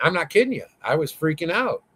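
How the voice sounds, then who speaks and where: A man guesting on an interview, telling a story in a rambling, excitable way, full of swearing and fillers. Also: on the high side, fast, slightly rough. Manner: rambling, profane, lots of fillers; excitable, voice rising as he tells it.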